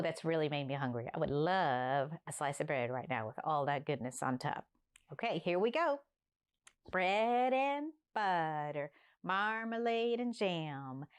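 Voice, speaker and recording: A woman from Newfoundland hosting a library story time, talking warmly and playfully straight to young children. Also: fairly low pitch. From Newfoundland, Canada. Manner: animated, coaxing, talks straight to young children.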